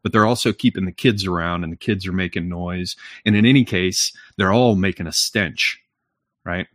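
Blunt, swearing man holding forth in casual talk, low voice, dry close sound. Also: normal speed, a bit bright, no echo. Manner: blunt, profane, lecturing with frequent "right?". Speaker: podcast talker. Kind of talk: casual chat.

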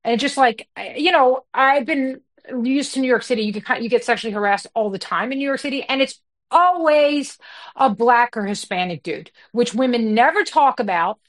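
A woman comedian telling a story in blunt, candid conversation, her talk full of fillers. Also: a little high. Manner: blunt and fast-flowing, with many fillers.

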